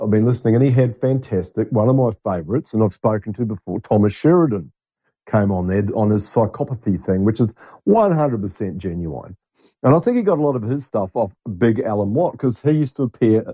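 A middle-aged man rambles bluntly through a casual podcast monologue and swears without a second thought. His voice is low, mellow and a little husky. The recording is dull and lo-fi, with a dry sound. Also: dry recording. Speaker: podcast host.

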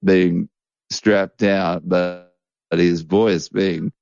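A man's voice: low-pitched, level tone, extremely slow, creaky, a little mellow, no echo, highs cut off. A man co-hosting a casual chat, joking crudely and restarting his sentences often. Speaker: podcast co-host.

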